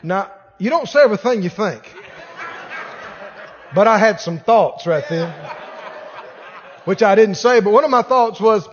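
A man, from Mississippi, preaching a sermon in an animated way, laughing and rising to shouts. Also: high-pitched, a little slow, long pauses, a little hiss or hum. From Mississippi, USA. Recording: dull sound with long hall reverb.

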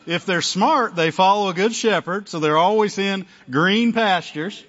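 A male pastor with a fairly high voice delivers a chatty sermon. He checks in with his listeners again and again. The recording sounds dull and lo-fi. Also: measured pace, a bit bright. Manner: conversational preaching, frequent "amen?" and "right?" to the congregation.

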